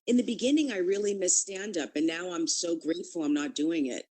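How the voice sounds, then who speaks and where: A woman's voice: lowish voice, fairly quick, mellow. A woman comedian talking blunt and self-mocking in a casual radio chat. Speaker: comedian guest. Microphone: studio mic.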